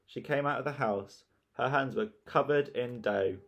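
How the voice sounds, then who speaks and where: A man narrating a children's storybook in a lively, expressive reading. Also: mid-range voice, normal speed, gravelly. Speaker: audiobook narrator.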